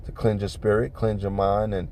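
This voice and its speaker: This man's voice sits on the low side and sounds warm, with a flat delivery at normal speed and slight background noise. As a life-advice vlogger, he recounts a neighborhood tale in profane, casual street language before earnestly exhorting listeners to embrace faith. Nearly every line carries "man" or "you know what I'm saying."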